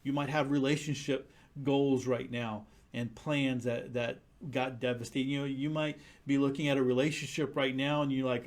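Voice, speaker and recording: A man's voice: medium pitch, steady tone, moderate pace, hardly any pauses. A man preaching a conversational sermon, earnest and full of restarts. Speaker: pastor.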